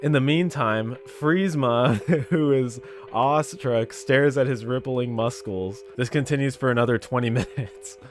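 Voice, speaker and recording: Unhurried and medium-pitched, a gamer reads a story game's text out loud. He keeps interrupting the narration with laughs and joking remarks.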